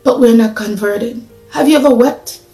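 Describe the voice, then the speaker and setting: A woman's voice: on the high side, normal speed, warm tone, reverberant, faint music behind, poor audio. A woman preaching a sermon in an earnest, conversational way, asking her listeners questions.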